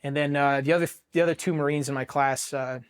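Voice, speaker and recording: Ohio marine vet guy, kinda high voice, swears a lot, blunt candid storytelling. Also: fast, smooth. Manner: blunt, profane, animated storyteller. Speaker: Marine veteran telling his story.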